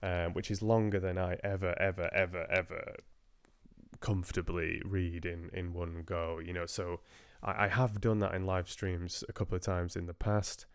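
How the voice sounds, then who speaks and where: A man with a very low, smooth voice talks casually to his live-stream viewers. He rambles and hesitates, restarting sentences as he goes. The sound is dry and close, with no room echo. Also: flat delivery, normal speed. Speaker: audiobook narrator hosting a live stream.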